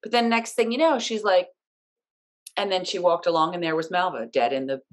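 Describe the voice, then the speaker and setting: A woman's voice: fairly low pitch, lively intonation, a little fast. A woman co-hosting a casual podcast, talking animatedly and indignantly and acting out her own reactions. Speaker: podcast co-host recapping a TV episode. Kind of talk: casual chat.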